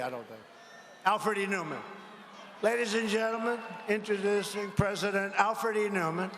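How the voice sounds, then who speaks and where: In an echoing arena with faint crowd noise, a male politician rambles through a rally speech, ridiculing his opponents and seeking the crowd's agreement. His voice is high, bright and pushed.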